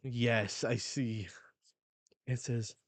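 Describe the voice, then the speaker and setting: A man hosting a live manga reading reaction, reading panels aloud with excited outbursts. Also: mid-range voice, drawn-out words, dry recording.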